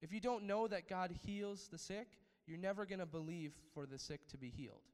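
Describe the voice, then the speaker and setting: A man's voice: high-pitched, moderate pace, a little mellow, smooth, long reverb tail. A man preaching a sermon, asking his listeners for amens and building to emphatic peaks. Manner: preaching with call-outs for amen, rising to emphatic peaks. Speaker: pastor.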